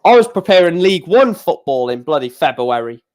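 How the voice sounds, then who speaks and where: A man's voice: fairly high pitch, big pitch swings, a little fast, a little mellow. A young man chatting casually on a live stream, rambling with stammered restarts and blunt opinions.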